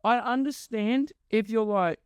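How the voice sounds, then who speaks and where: A man's voice: sits high, a little slow, clean tone, no echo, studio quality. A young man, ranting sarcastically and swearing constantly on his podcast. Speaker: podcast host. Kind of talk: ranting monologue.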